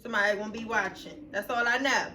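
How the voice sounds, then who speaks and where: Bright-voiced woman chatting over food. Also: on the high side, fairly even intonation, quick pace, a little hiss or hum. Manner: chatty, drawling, laughs often. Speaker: mukbang vlogger. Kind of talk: casual chat while eating. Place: outdoors, windy.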